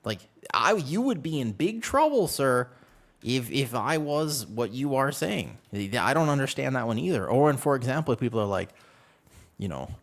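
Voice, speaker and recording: Animated young man streaming games. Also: medium pitch, moderate pace. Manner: animated, joking, chatting to viewers. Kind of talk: casual gaming stream chat.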